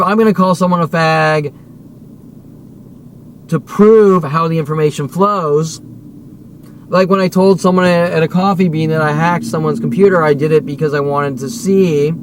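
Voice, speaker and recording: A man delivering an agitated, profane, rambling rant as a vlogger, repeating himself and swearing often. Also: on the high side. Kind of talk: unscripted rant to camera. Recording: noisy recording with vehicle sounds.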